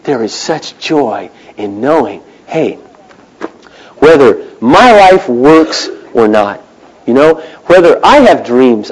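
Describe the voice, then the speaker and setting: Animated male preacher with hushed asides. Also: medium pitch, low-quality recording. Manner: animated, swings from loud to hushed. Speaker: pastor. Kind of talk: sermon.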